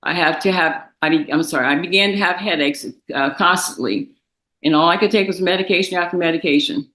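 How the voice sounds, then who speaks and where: A young woman, a victim's daughter, reading a victim impact statement in a courtroom, halting and tearful. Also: on the low side, a bit bright, echoey room, rough recording. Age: young adult.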